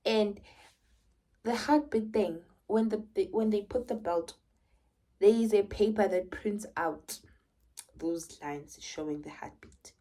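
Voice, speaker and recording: Husky South African woman telling a story. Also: mid-range voice, slow pace. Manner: animated, often drops to a whisper. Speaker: vlogger. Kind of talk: personal storytelling.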